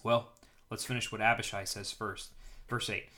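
A man's voice: lowish voice, flat delivery, moderate pace, bright, forceful tone. Casual man reading and chatting about scripture. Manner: conversational, paraphrases in casual speech. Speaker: podcast host reading scripture. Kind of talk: daily Bible reading with commentary.

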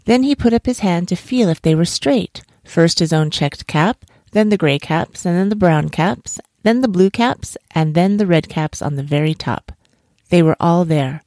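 Calm storyteller, a woman with a lower voice reading bedtime stories, dry and close. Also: no room sound. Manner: gentle, soothing, slow storytelling.

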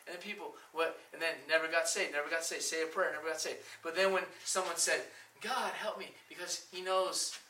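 A woman's voice: low voice, fairly even intonation, a little fast, hardly any pauses, sharp tone, distant mic, slight background noise. A woman preaching a sermon with emphasis, asking the room questions and acting out quoted voices. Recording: echoey room, voice from off the mic.

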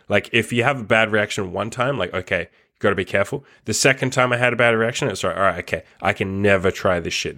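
A man's voice: on the low side, bright, forceful tone. A man telling a personal story in a casual monologue, swearing heavily, laughing between lines and filling gaps with "like". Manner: loose, rambling delivery full of "like". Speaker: podcast host.

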